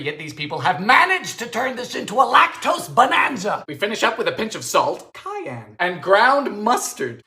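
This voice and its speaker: A man hosting a baking video, narrating in a theatrical, sardonic way with sudden high-pitched exclamations, in a home kitchen. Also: pushed and bright. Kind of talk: comedic cooking narration. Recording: echoey room sound.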